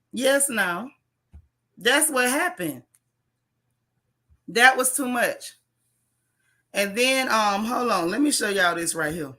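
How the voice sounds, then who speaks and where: Chatty woman gossip host, kinda high bright voice, talking right at her viewers. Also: lively intonation, takes it slowly, long pauses. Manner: chatty, talks straight to viewers; reads posts aloud in her own voice. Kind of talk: casual gossip commentary to viewers.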